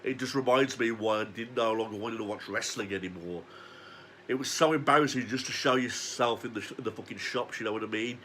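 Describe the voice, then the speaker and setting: A man's voice: mid-range voice, brisk, bright, forceful tone, slight background noise. Foul-mouthed ranting man. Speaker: wrestling reviewer. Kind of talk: ranting review monologue.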